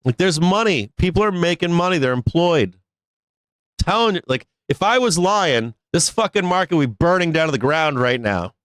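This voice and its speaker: A man's voice: on the high side, lively intonation, moderate pace, a bit bright, clear, resonant tone, no echo. Blunt, profane man ranting. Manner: blunt, profane and laughing, with frequent restarts. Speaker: host of a live stock market show. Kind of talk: casual live-stream rant.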